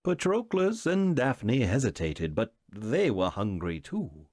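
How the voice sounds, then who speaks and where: A man reading a fairy tale aloud in an expressive, dramatic storytelling manner. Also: mid-range voice, slow pace, dry recording, clean studio sound. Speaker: reader. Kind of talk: storybook narration.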